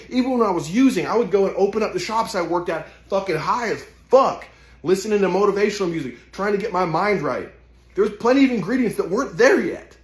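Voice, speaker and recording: Intense profane man, echoey room. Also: high-pitched. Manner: intense, profane, preachy, heavy swearing. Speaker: motivational speaker. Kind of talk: impassioned motivational monologue.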